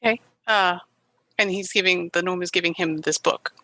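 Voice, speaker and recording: A woman's voice: on the low side, moderate pace, sharp tone. A woman playing a tabletop game, polite, curious and chatty. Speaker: player.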